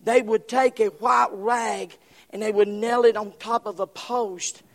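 A man preaching a sermon, impassioned, swinging from shouts to hushed whispers. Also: sits high, steady tone, measured pace, gravelly, in a large hall.

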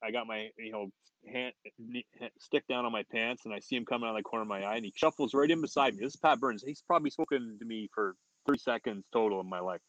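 A man's voice: medium pitch, fast, no room sound, rough recording. A man in his forties, a former hockey player, telling a story casually with laughs and restarts. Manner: animated, laughing, many restarts.

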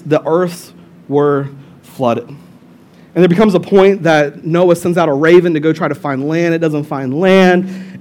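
A young adult man giving a casual, humorous sermon as lead pastor, retelling the story with lively asides. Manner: animated storyteller who jumps into high-pitched voices for characters.

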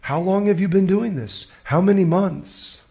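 A preacher voicing an astonished middle-aged journalist, asking incredulous questions. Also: male voice, sits high, a little slow, gravelly, warm tone, pitched above the performer's own voice.

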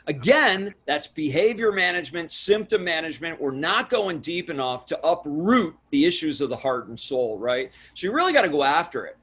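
Husky, high-voiced man preaching. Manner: emphatic, storytelling, builds to shouts when retelling. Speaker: pastor and author guest. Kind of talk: conversational interview, preaching tone.

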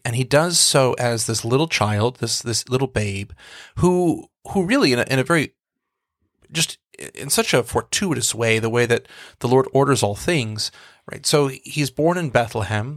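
Reflective priest, dry close mic. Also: male voice, mid-range voice, fairly bright tone, no room sound. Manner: reflective, storytelling, frequent restarts. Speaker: priest, podcast co-host. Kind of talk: casual faith podcast conversation.

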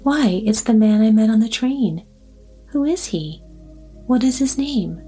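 A kindly, talkative old grandmother speaks with gentle earnestness, voiced by a woman reading a story. Her tone is mellow and warm, at an even middle pitch. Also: measured pace, slightly rough, soft background music. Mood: fretful.

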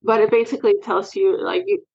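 A woman's voice: mid-range voice, fairly even intonation, quick pace, creaky, a little mellow, slightly rough, lo-fi sound. A woman guest talking earnestly and emotionally about her experience as a sports parent in a candid interview.

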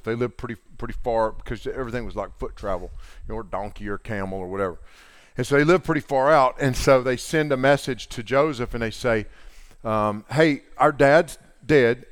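A man's voice: medium pitch, dry recording, studio quality. A middle-aged man preaching a sermon in a casual, earnest way, retelling scripture in everyday talk. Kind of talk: conversational sermon.

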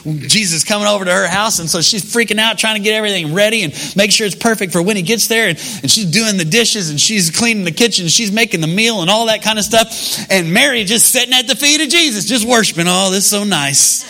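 A male pastor delivers a sermon in a relaxed, talk-to-the-room way. He tells stories with animation. His voice sits high and sounds bright. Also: quick pace. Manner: conversational, animated storytelling.

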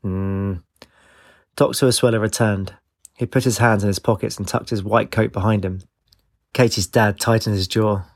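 A man reading a story aloud as narrator, in a measured, even delivery. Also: fairly low pitch, dry recording, clean studio sound. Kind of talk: audiobook narration.

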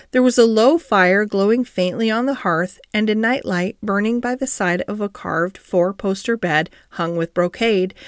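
Expressive woman reading a classic story. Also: a little high, no room sound, studio quality. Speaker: audiobook narrator. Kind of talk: storybook narration.

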